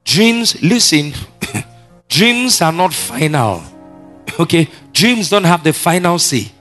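A man preaching a sermon as a pastor, animated and asking the congregation questions. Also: on the high side, slow pace, soft background music.

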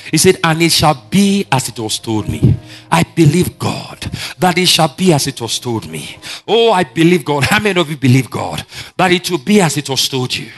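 A male pastor delivers a lively sermon, his voice sitting a touch high and swinging widely in pitch. He keeps asking the congregation questions as he preaches, with soft music faintly underneath. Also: normal speed.

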